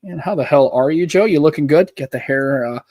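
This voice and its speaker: A man's voice: on the high side, fairly quick, darkish tone, no room sound. Chatty american guy hosting a podcast, talks in loose rambling stories, dry sound. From United States. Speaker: podcast co-host. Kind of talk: casual chat.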